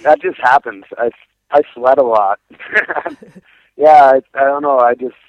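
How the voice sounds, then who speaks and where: Animated man on a tinny phone line. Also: mid-range voice, moderate pace, no echo. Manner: animated storyteller, laughs often, acts out quotes. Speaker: punk band singer, interviewee. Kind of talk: phone interview, casual storytelling.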